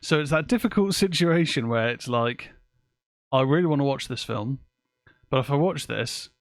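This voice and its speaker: A man's voice: mid-range voice, expressive, moderate pace, dry recording, clean studio sound. A man hosting a live-streamed podcast from his home office, chatting casually and swearing offhandedly. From England. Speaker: podcast host. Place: home office with windows open. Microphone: desk microphone.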